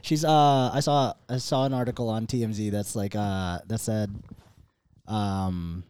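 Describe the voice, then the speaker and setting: A man's voice: fairly low pitch, fairly even intonation, unhurried, a little mellow, clear, resonant tone. A young man co-hosting a podcast in casual chat, rambling in profane slang. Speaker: podcast co-host.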